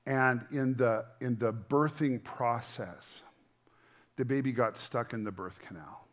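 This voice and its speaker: A middle-aged pastor preaches a sermon in a mid-range voice, a little slowly. Earnest and conversational, he moves between quiet, intimate moments and louder emphasis.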